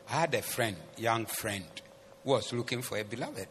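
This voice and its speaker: A man preaching a sermon as the pastor. He switches between English and Twi phrases and swings from soft asides to loud, emphatic preaching. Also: mid-range voice, normal speed. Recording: long hall reverb with faint noise.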